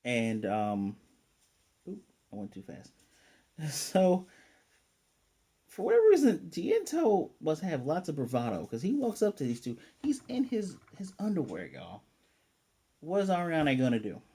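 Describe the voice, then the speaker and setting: A man giving a casual, animated recap of an anime episode as a reviewer and acting out the characters' lines as he goes. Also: medium pitch.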